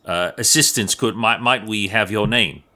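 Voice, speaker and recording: A man voicing a wood elf druid with a put-on Cockney accent, speaking formally but halting over his words. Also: fairly low pitch, pushed and bright. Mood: courteous.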